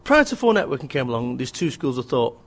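A man's voice: medium pitch, big pitch swings, fast, fairly bright tone. A man, an author and business speaker, talking in a blunt, ranting way, often mimicking other people's voices. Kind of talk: energetic interview talk.

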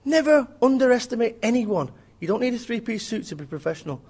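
A man's voice: very high voice, very animated, quick pace, a little mellow, breathy edge. A man, an author and business speaker, talking in a blunt, ranting way, often mimicking other people's voices. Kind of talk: energetic interview talk.

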